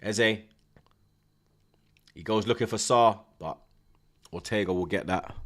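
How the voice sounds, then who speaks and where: A man, hosting a live football watchalong, chatting in heavy street slang with the viewers and shouting at big chances. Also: lowish voice, a little slow, long pauses.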